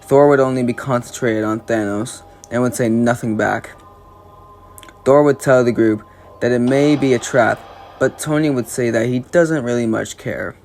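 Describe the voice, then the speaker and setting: A man narrating a fan retelling of a superhero story in steady play-by-play fashion. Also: mid-range voice, moderate pace, slight background noise.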